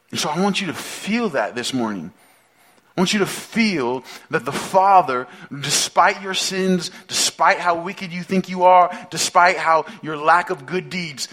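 A man's voice: fairly high pitch, bright, forceful tone. A male pastor preaching a sermon in a conversational way, asking the listeners many questions and repeating phrases for emphasis.

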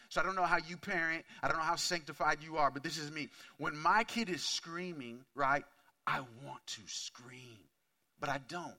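Man pastor preaching, real-talk style, really bright slightly high voice, gets quiet then loud. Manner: candid, conversational preaching with many asides; swings from quiet to loud and intense. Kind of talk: sermon.

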